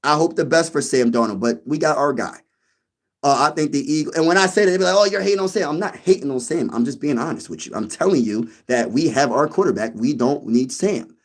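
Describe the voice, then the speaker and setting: A young man from Pennsylvania hosting a casual sports talk stream, slangy and animated, repeating lines for emphasis. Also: medium pitch, brisk. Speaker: sports show host. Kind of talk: casual live-stream chat.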